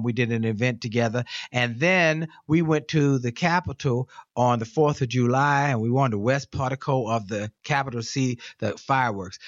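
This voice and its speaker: Male motivational guest, lively sing-song delivery, emphatic and exhorting, dry slightly muffled sound. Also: mid-range voice, no echo. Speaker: guest speaker. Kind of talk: preacherly motivational storytelling.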